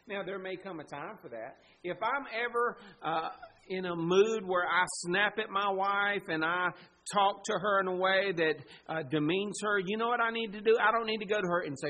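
Male pastor, high bright voice, earnest pleading sermon delivery, faint hiss behind. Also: normal speed, rough recording. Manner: earnest, pleading, emphatic preaching.

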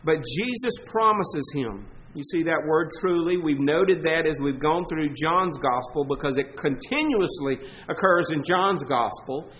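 A man with a Southern US accent preaching a sermon as pastor, emphatic, stretching key words and swinging between loud and soft. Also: a little high, expressive, slight background noise, rough recording. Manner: emphatic preaching, swelling and dropping in volume, slow stressed words.

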